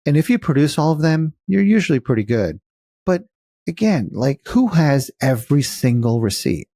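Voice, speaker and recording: A man telling a story as a guest on an interview show, blunt and animated, acting out the dialogue and swearing casually. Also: fairly high pitch, moderate pace, dry recording, studio quality. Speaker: guest, cost segregation firm founder.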